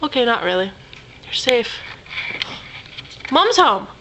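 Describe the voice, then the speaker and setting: A woman's voice: a little high, sing-song, takes it slowly. A woman filming her pets at home, joking around in mock-pirate slang and teasing the animals. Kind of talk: playful home video commentary. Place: at home indoors. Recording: noisy home camcorder audio.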